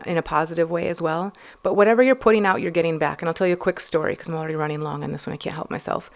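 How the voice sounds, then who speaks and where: A woman's voice: low-pitched, gravelly. A woman hosting her own podcast, talking alone in a chatty, rambling way with many fillers and restarts. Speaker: podcast host. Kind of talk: casual solo podcast talk.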